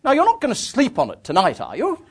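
A man voicing a brisk, commanding middle-aged countrywoman who bellows orders. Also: very high voice, huge pitch swings, slightly rough, voice pushed up, exaggerated voice. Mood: brisk, bossy. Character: bossy, booming middle-aged English countrywoman.

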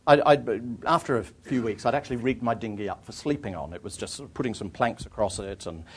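A man, an author, telling travel anecdotes to an audience in a lively, self-deprecating way, often restarting his phrases. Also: fairly low pitch, fast talker, slightly rough. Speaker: author giving a talk.

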